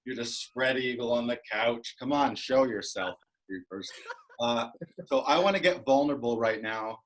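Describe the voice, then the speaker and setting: A man performing a stand-up set over a video call, with a deadpan, mock-grandiose delivery. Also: mid-range voice, moderate pace, low-quality recording. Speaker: comedian.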